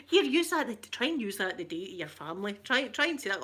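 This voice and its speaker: A woman's voice: medium pitch, very animated, fairly quick, a bit bright, slightly rough. A middle-aged woman with a Glaswegian Scottish accent, chatting casually with her live stream viewers, greeting them by name and laughing often. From Scotland.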